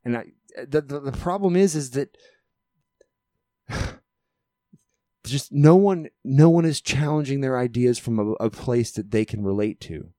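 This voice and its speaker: A man's voice: medium pitch, a little slow, long pauses, dark tone, no echo, clean studio sound. A man co-hosting a podcast in casual chat, rambling and profane, often repeating words as he builds a point. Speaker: podcast co-host.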